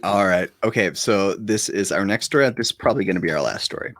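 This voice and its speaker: A man's voice: low voice, animated, fast talker, a bit bright, no echo, clean studio sound. A man from Oklahoma hosting over a video call, reading news stories aloud and adding wry jokes. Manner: wry, joking asides while reading. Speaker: show host and judge.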